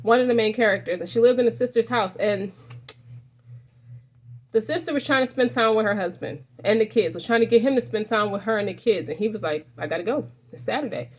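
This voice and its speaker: A woman's voice: a little high, brisk. Rambling woman giving a tarot reading. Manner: rambling, frequent restarts, addresses viewer directly. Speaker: tarot reader.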